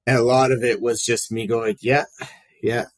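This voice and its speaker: A man's voice: medium pitch, flat delivery, a little fast, no echo. A man hosting a podcast in casual chat, talking in a rambling way with lots of fillers. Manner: chatty, rambling, frequent fillers. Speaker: podcast host.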